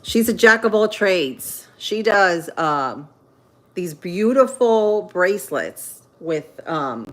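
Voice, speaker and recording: A woman in her thirties from Central Florida, chatting casually with viewers on a livestream while she cooks, with pauses and fillers as she thinks aloud. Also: medium pitch, a bit bright. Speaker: livestream host. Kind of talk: casual live-stream chat while cooking.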